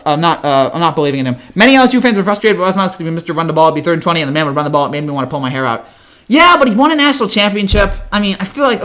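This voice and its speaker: A hyper young man answering chat on a live stream, rattling off words at a sprint. His voice sits high, and he often trips into restarts. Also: a bit bright. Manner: hyper, rapid, full of restarts and stumbles.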